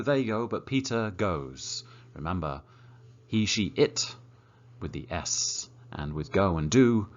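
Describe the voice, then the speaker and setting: Lively low-voiced English teacher. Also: male voice, highs cut off. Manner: lively and encouraging, slow and deliberate when modelling example sentences. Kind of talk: grammar lesson.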